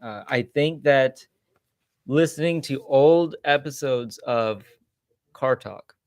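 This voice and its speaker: A man's voice: mid-range voice, takes it slowly, a little mellow, no room sound. Hesitant thoughtful man, dry sound. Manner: thoughtful, hesitant, many fillers. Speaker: co-host. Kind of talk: casual livestream Q&A chat.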